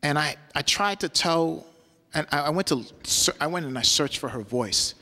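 A man's voice: a little high, expressive, normal speed, pushed and bright. A man giving a loose, conversational talk as a guest lecturer, often checking in with "right?". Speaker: guest lecturer, solo performer. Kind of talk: university lecture with storytelling. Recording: long hall reverb.

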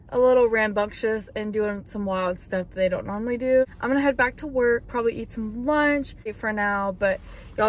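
A woman's voice: mid-range voice, moderate pace, far from the mic. A young woman from Georgia, a little out of breath, chatting through a casual vlog update from her office. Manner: chatty, rambling with fillers. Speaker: vlogger. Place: office at work.

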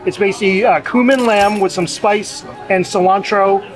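Higher-voiced man guiding a food tour. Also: moderate pace, music in the background. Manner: relaxed, explains dishes. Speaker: local food guide guest. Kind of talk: casual food tour chat. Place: restaurant dining table.

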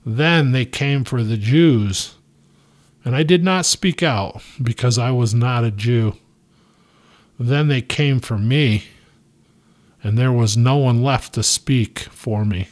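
A man's voice: mid-range voice, lightly acted. A man voicing a steadfast small-town pastor who preaches firmly from the pulpit, reading it aloud from a novel. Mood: resolute. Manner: firm, measured preaching with emphatic rises. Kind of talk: sermon from the pulpit, read from a novel.

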